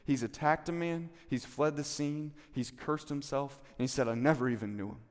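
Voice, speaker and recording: A man's voice: on the high side, moderate pace. Pastor guy preaching, acts out the lines, voice rings around a big hall. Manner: animated storytelling, acting out quotes with rising intensity. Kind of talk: sermon.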